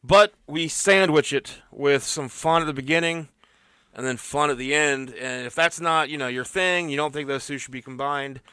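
A man's voice: a little high, normal speed, sharp tone, clear, resonant tone, no room sound, clean studio sound. A middle-aged man co-hosting a casual podcast, laid-back and joking, with plenty of "uh" and "like". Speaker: podcast co-host.

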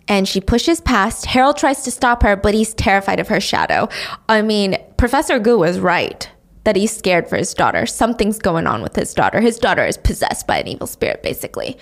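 A woman's voice: mid-range voice, animated, a little fast. A woman recapping a drama in a casual, chatty way, with offhand swearing.

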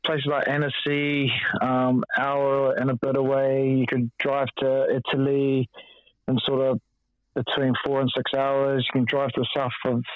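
A man, chatting casually as an interview guest, relaxed and full of "like" and "um". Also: medium pitch, measured pace, dry recording, narrow, tinny audio. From New Zealand. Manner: relaxed, lots of "like" and "um". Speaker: guest, rugby player.

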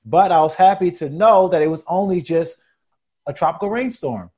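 A man co-hosting a podcast in a relaxed, easygoing chat, laughing often. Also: high-pitched, normal speed. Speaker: podcast co-host.

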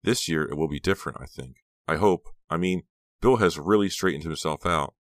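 A man's voice: rumbling low, brisk, dry recording. A man voicing a sarcastic, anxious teenage girl in an audiobook, raising his voice and speaking dryly. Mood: wry, uneasy. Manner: raised girlish voice, dry and uncertain.

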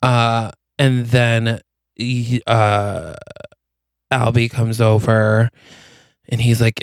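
A man co-hosting a podcast, improvising a romantic movie plot, telling it deadpan in the second person. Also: medium pitch, slow pace, creaky, smooth, no echo. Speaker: podcast co-host. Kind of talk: improvised comedic storytelling.

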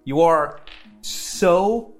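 A man narrating a tabletop role-playing game as game master, laughing often and talking quickly. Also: fairly high pitch, soft background music.

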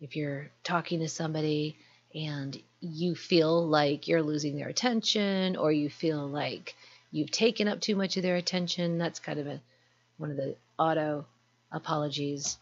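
A woman's voice: low-pitched, fairly even intonation, moderate pace. A woman giving an earnest, explanatory self-help talk, unscripted. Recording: dull lo-fi recording.

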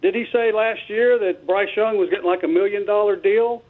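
A man calls into a sports radio show and talks casually, a little haltingly. His voice is high. The phone line sounds thin and tinny. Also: steady tone. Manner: casual, hesitant with fillers. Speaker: caller. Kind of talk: phone-in call.

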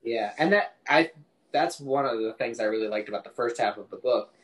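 A man in a relaxed book podcast, talking through a novel with a co-host. His voice sits at an ordinary pitch, and he slips into character voices for quotes. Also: brisk, poor audio. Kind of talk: casual book discussion.

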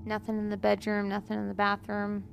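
A woman's voice: medium pitch, monotone, brisk, vocal fry, soft background music. A woman player in a tabletop game, stating her moves bluntly. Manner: decisive, blunt.

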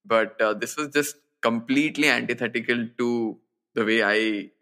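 A man's voice: mid-range voice, steady tone, normal speed, pushed and bright. A man co-hosting a podcast, giving frank, blunt opinions in a casual chat about films. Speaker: podcast co-host.

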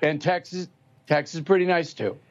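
A man's voice: a little high, fairly even intonation, fairly quick, highs cut off. An older man in his seventies giving blunt, emphatic political commentary in a talk show interview, mocking politicians by mimicking them.

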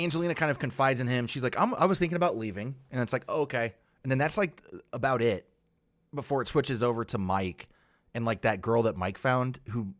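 A man's voice: mid-range voice, dry recording, clean studio sound. A man chatting casually about a TV show, wry and mocking, laughing often. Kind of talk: casual chat.

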